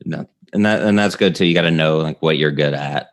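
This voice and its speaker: A man's voice: rumbling low, brisk, no room sound. A man hosting a podcast, chatting casually about comedy, rambling with many restarts and laughing between lines. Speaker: podcast host.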